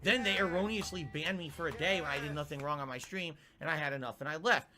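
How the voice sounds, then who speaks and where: A man's voice: a little high, fast talker. A male streamer talking to his chat in an emphatic, self-justifying way.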